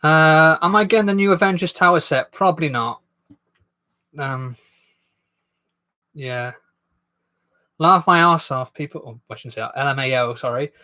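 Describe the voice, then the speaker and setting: A man's voice: on the high side, moderate pace, long pauses, bright, forceful tone. A man hosting a casual live stream while building a toy set, rambling and self-deprecating as he reads viewer comments aloud.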